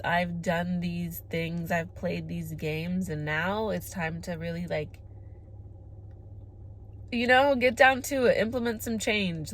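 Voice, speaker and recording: A woman's voice: lowish voice, fairly bright tone, a little hiss or hum. A woman in her twenties talking to camera in a candid girl-talk monologue, emphatic, with frequent swearing and "like" fillers. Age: 20s. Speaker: vlogger.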